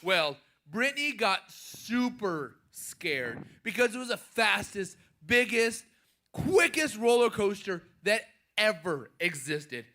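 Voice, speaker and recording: A man telling a story to children at a church program in a playful, animated way. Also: high-pitched, takes it slowly, noisy background.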